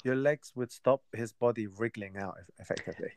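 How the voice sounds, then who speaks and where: Male podcast host, lowish voice, asks and recaps, dry close mic. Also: fairly quick, vocal fry, no echo. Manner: asks questions and recaps for listeners. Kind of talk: casual podcast chat.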